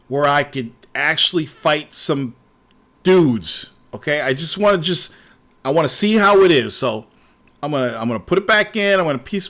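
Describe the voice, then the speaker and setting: A man hosting a casual show, ranting in an animated, profane way and trailing off into repeated words. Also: on the high side. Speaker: podcast host.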